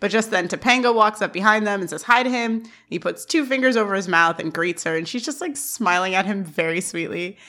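A woman co-hosting a podcast, giving a casual scene-by-scene recap with lots of giggling and animated retelling. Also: medium pitch, a little fast, few pauses. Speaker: podcast co-host.

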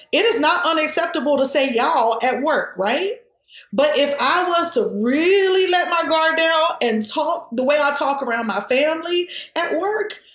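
A woman who grew up in the American South, talking candidly in a conversation, earnest and animated, with many restarts. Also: sits high, echoey room.

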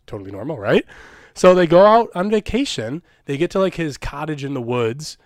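Young man, casual podcast chat, rambling, laughing, somewhat high voice, dry sound. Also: very animated, moderate pace, no room sound. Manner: rambling, laughing, swears often. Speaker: podcast co-host.

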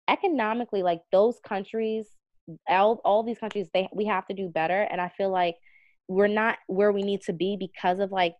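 A woman's voice: medium pitch, darkish tone, no room sound. A woman in a casual podcast chat as a guest, talking earnestly and chattily with lots of fillers. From United States. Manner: chatty, earnest, heavy use of "like". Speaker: magazine CEO and editor, guest. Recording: dull, slightly muffled audio.

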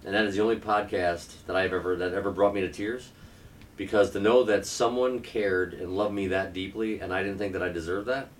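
Deep-voiced man telling a raw personal story. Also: fairly even intonation, a little fast, distant mic, a little hiss or hum. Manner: candid, earnest, occasionally profane. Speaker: podcast guest.

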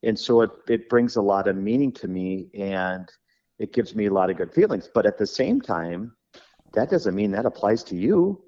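Funeral director podcast guest, low voice, rambling anecdotes, dull lo-fi sound. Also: male voice, animated, normal speed, mellow. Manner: rambling storyteller, acts out quoted dialogue. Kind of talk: podcast conversation.

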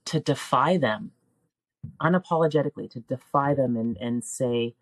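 A middle-aged woman who teaches and makes films speaks as a podcast guest in a reflective, heartfelt conversation. Her rumbling low voice, with no room sound, comes across earnest and emotional, with frequent ums, pauses, and restarts.

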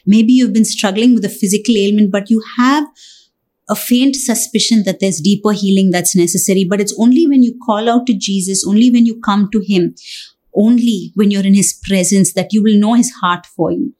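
A woman's voice: mid-range voice, moderate pace, a little mellow. A woman preaching a sermon, earnest and pleading, with many rhetorical questions.

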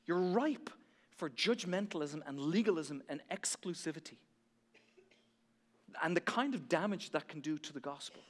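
Male pastor, high voice, impassioned sermon delivery, long church-hall reverb. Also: lively intonation, normal speed. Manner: impassioned, rising to near shouting, then dropping soft.

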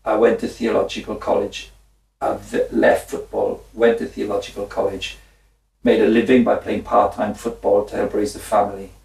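Brief: man in his 60s, gravelly low voice, animated storyteller, echoey room with the mic at a distance. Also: normal speed. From Wales. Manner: animated, laughing, acts out his own side of dialogue. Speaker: guest, former footballer and minister. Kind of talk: conversational storytelling.

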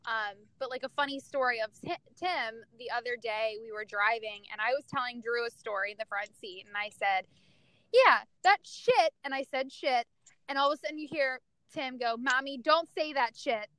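A woman's voice: fairly high pitch, fairly quick, bright, forceful tone, no echo, poor audio. A young woman telling candid, profane stories about her family in casual chat, laughing often.

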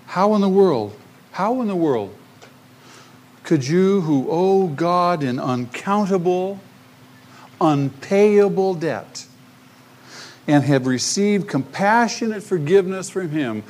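A man preaching a sermon as pastor, retelling a parable with lively emphasis and acted-out voices. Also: a little high.

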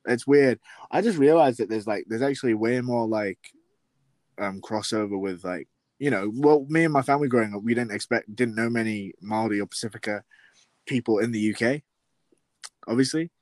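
A man's voice: mid-range voice, moderate pace, a little mellow, no room sound. A young man with a West Yorkshire accent, telling a story in rambling, casual podcast chat full of fillers. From West Yorkshire, England. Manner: rambling, many fillers and laughs. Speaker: podcast host.

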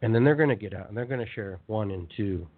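A man hosting a motivational spiritual talk show, speaking in an animated, conversational way and repeating phrases for emphasis. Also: on the low side, quick pace. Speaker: radio show host. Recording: tinny phone-line sound.

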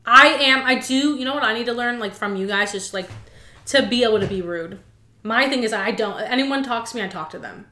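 A woman guest in a casual podcast chat, chatty and quick to laugh out loud. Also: a little high, roomy sound.

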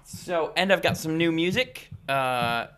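A man's voice: fairly high pitch, expressive, a little slow, sharp tone, clear, resonant tone. A man hosting a casual podcast, playfully announcing segments with some fillers. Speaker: podcast host.

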